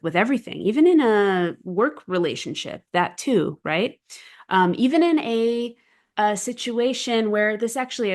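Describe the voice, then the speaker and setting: A woman in her thirties talking earnestly to camera as a relationship coach, emphatic and often checking in with "right?". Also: mid-range voice. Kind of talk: casual monologue to camera.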